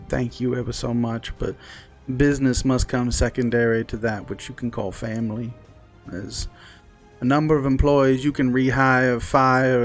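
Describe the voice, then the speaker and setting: A man's voice: mid-range voice, creaky, close to an everyday voice. A man voicing a frail old male gnome businessman who speaks formally and politely, with hesitations. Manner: courtly, overly polite, hesitant.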